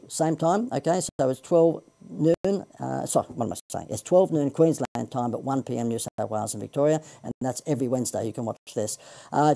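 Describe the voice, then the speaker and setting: Australian male marketing coach, salesy livestream patter, mellow low voice. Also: creaky. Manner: chatty, self-deprecating, salesy.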